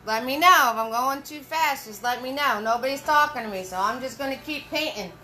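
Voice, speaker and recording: A woman leading a live painting lesson, chatty and encouraging, giving slow step-by-step instructions and greeting viewers by name. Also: sits high, sharp tone, rough recording.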